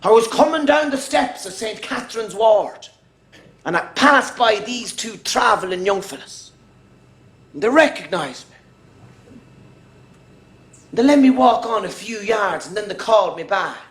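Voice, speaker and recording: High-voiced Irish storytelling comedian. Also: male voice, lively intonation, measured pace, long pauses, fairly bright tone. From Ireland. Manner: storytelling, emphatic, profane. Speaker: stand-up comedian. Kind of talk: stand-up comedy routine. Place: comedy stage. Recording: echoey venue.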